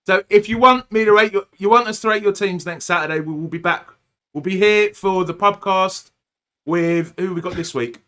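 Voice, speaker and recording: A man hosts a relaxed podcast conversation, chatty and teasing, often breaking into laughter. His voice sits a touch high with a bright, forward tone. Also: moderate pace. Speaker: podcast host. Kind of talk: casual podcast chat.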